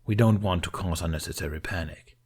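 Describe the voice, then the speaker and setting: Gruff Viking chief and father, read by a man, low and curt, dismissive. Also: brisk, a little mellow.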